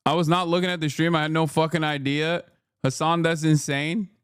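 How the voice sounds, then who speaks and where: A male streamer delivers heated, profane political commentary, swinging between yelling and laughing. His voice sits a bit high and sounds close and completely dry. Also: level tone, brisk, smooth, no room sound. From United States. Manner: loud, profane, rants then laughs. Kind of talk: livestream commentary.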